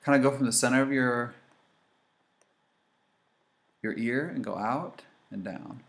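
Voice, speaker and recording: A man hosts a laid-back makeup tutorial, speaking directly to his audience in a lively, talkative way while he shows each step. His voice is mid-range and gravelly, and he keeps a measured pace.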